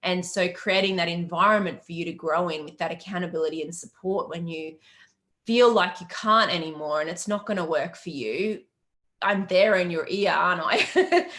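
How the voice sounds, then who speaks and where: An upbeat middle-aged Australian woman hosting a live question-and-answer stream, chatting freely and greeting viewers by name. She talks like a business coach, warm with encouragement and quick to laugh. The sound is that of a laptop mic on a video call. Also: fairly low pitch, animated. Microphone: webcam or laptop mic on a video call.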